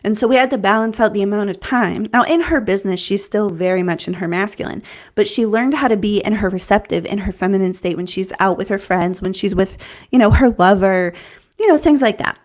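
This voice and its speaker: A woman's voice: mid-range voice, a little fast. A woman business coach giving an earnest, conversational talk, often restarting phrases and checking in with "right?". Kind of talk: teaching talk to camera.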